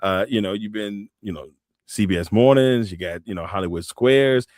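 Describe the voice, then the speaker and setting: Low-voiced relaxed interview host. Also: male voice, moderate pace, dry recording, studio quality. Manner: relaxed, many "you know" fillers, brief reactions. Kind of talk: casual interview.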